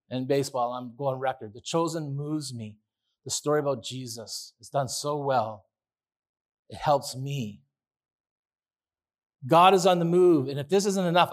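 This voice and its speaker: A pastor preaching a sermon in a chatty, enthusiastic way, with restarts and asides. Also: male voice, a little high. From Canada. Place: church.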